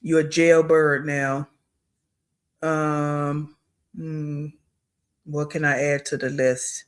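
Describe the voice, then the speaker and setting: A man's voice: a little high, little pitch movement, extremely slow, clean tone. A man hosting a reaction video, giving blunt, scornful commentary on a clip he is watching.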